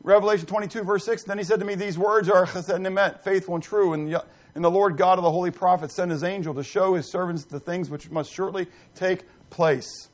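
A man's voice: high voice, fairly even intonation, a little fast. A middle-aged man preaching a sermon, reading scripture and putting questions to the congregation with emphasis. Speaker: pastor.

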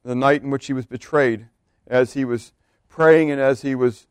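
A man's voice: medium pitch, steady tone, normal speed, clear, resonant tone, no room sound. A man preaching a sermon in a loose, conversational way, asking the congregation questions and laughing now and then. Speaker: pastor.

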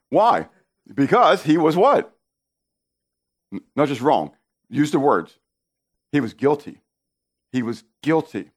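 A man's voice: medium pitch, sing-song, measured pace, pauses often. A man preaching a sermon, stressing key words by repeating them and speaking directly to his listeners.

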